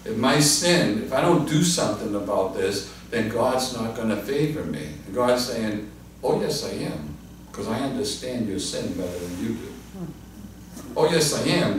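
Earnest pastor in an echoey hall. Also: male voice. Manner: earnest, repeats and restarts phrases, drops lower and softer when quoting God. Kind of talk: Bible study teaching and closing prayer. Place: church hall. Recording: echoey church room from a distant mic, faint noise.

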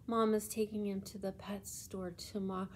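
A woman voicing a tender young girl in a storybook, with a soft, wavering delivery. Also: mid-range voice, little pitch movement, moderate pace, a little hiss or hum, natural voice. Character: tender, tearful young girl losing her pet.

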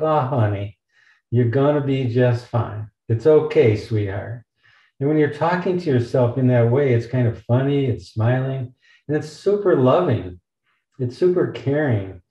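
A man who is a physician, explaining pain therapy patiently on an online panel, with gentle, caring examples. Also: medium pitch, echoey room, highs cut off.

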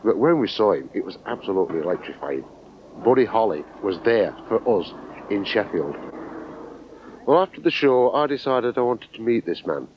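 Man, from England, fan, outdoors, emphatic, lively pitch, dull recording, faint noise. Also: normal speed. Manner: excited, emphatic. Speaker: fan interviewee. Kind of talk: enthusiastic reminiscing interview. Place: outdoors by the venue steps.

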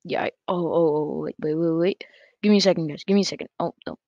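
Gravelly lo-fi gaming commentator. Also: medium pitch, no echo. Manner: chatty, excitable, quick self-corrections. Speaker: gaming YouTuber. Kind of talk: casual gameplay commentary. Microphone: close desk mic picking up breath. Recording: dull lo-fi dry sound.

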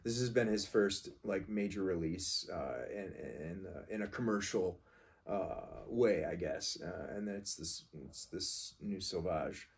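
A man's voice: low voice, unhurried, breathy edge. A man reviewing a fragrance in casual talk, rambling and emphatic as he corrects how a word is said.

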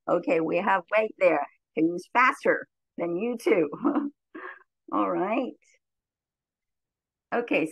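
A woman leading an English lesson for very young learners, cheerful and slow, her voice jumping high on the commands. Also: no room sound, poor audio. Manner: cheerful, slow and clear, with big pitch jumps on commands. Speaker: teacher trainer leading a model lesson. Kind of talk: lively classroom teaching to young children.

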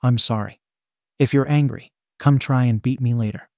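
A man reads out a firm, determined teenage boy of a storybook, speaking in a plain mid-range voice. The delivery is quiet and matter-of-fact, set in a dry, close sound. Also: medium pitch, fairly even intonation, normal speed, dry recording, close to an everyday voice.

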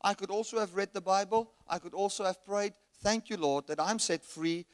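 Male guest preacher, high voice, story-driven delivery, live hall reverb. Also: normal speed, clear, resonant tone. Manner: storytelling, rising to shouts when reenacting anger. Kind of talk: sermon with anecdote. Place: resort hall at a church camp. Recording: long reverb of a large hall.

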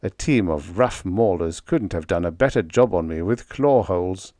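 A man narrating a humorous story in the first person, with a wry, deadpan manner. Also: low-pitched, normal speed, no room sound, clean studio sound. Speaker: audiobook narrator.

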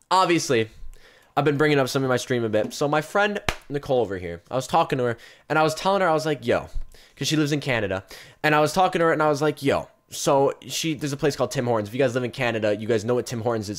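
A young man streaming a video game and unboxing cases, excitable, swinging from hushed mumbling to loud yelps and repeating phrases in rapid strings. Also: medium pitch. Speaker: gaming streamer. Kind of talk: live-stream case unboxing commentary.

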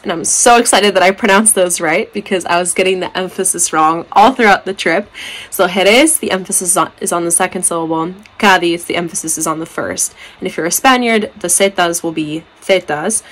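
A woman's voice: on the low side, brisk, hardly any pauses, a bit bright, rough recording. Chatty sick American vlogger woman. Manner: chatty and upbeat, lots of "like" and "um". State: sick with a cough, stuffy. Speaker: travel vlogger. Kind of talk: casual vlog talk to camera.

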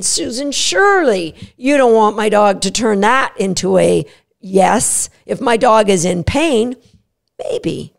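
Woman dog trainer doing her podcast, kinda high, gravelly, super energetic, does little dog voices. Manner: energetic, acts out the dog's voice in quick asides. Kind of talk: solo podcast teaching.

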